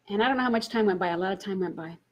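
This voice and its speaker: Woman, spiritual teacher, personal story, husky, laughs a lot, animated. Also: medium pitch. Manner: laughs often, animated retelling.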